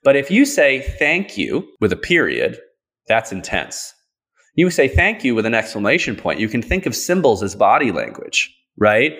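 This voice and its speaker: A man with a lowish voice talks as a podcast guest, explaining ideas in a relaxed, slangy way. His pitch swings widely as he plays with words and leans into points. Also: normal speed. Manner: lively, playful, slangy. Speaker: podcast guest, trauma practitioner. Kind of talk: casual explanatory talk.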